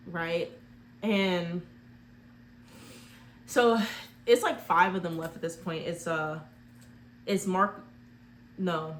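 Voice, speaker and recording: A woman's voice: fairly low pitch, fairly even intonation, takes it slowly, long pauses, a little hiss or hum. A woman casually retelling a movie plot in a rambling way, full of "like" fillers. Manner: rambling, heavy use of "like" fillers.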